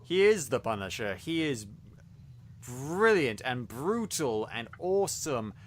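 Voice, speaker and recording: A man's voice: medium pitch, very animated, slow pace, a little hiss or hum. A man co-hosting a casual review podcast, talking with enthusiasm and lots of fillers and restarts. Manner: enthusiastic, rambling with many fillers. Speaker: podcast co-host.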